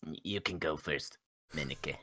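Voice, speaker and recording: A man reading aloud as a shy, anxious teenage girl from a game, slow and hesitant. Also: very deep voice, sharp tone. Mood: timid. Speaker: streamer reading game dialogue. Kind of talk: reading visual novel lines aloud.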